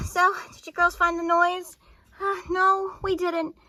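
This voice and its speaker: A woman voicing anime schoolgirls at a sleepover in a plush toy video, with excitable, quick back-and-forth chatter. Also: very high voice, no echo, exaggerated voice. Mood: lively.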